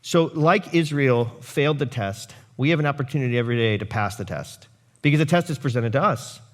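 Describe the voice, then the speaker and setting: A male pastor preaching a sermon, animated, with jokey asides and quotes he acts out. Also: medium pitch, brisk.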